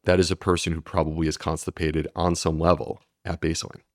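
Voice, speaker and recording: In a dry, studio-quality podcast recording, a gastroenterologist guest explains briskly and with earnest steadiness. His rumbling low voice barely shifts in pitch.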